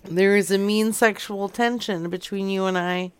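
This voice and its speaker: A man's voice: sits high, steady tone, moderate pace, slight background noise, natural voice. A man playing a tipsy, flirty woman caller on a prank phone call, drawling lewd come-ons.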